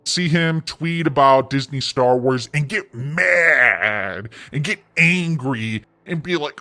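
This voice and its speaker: Slow, bright-voiced taunting man. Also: mid-range voice, expressive. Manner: taunting, sarcastic, mocking. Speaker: online commentary host. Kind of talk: sarcastic commentary.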